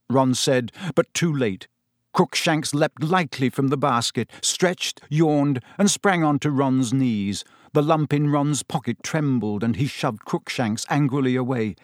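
The narration comes from a man with a medium-pitched voice, telling an audiobook's story in a measured yet expressive manner. It's studio quality, with no room sound.

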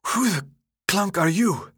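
A man's voice: high-pitched, lively intonation, takes it slowly, fairly bright tone, husky, no echo, clean studio sound, voice pushed up, full character voice. A man voicing a brash, sarcastic teenage boy who is out of breath, mocking and bossy. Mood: scornful.

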